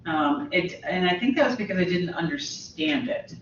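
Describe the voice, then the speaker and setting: A woman's voice: lowish voice, animated, moderate pace, slight background noise. A woman teaching a college literature class, talking casually to her students with many fillers and restarts. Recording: roomy, distant, dull lo-fi audio.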